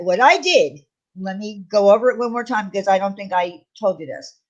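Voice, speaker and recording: A woman's voice: mid-range voice, expressive, fairly quick. A woman hosting a casual live stream, talking defensively and repeating her points for emphasis. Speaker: channel host.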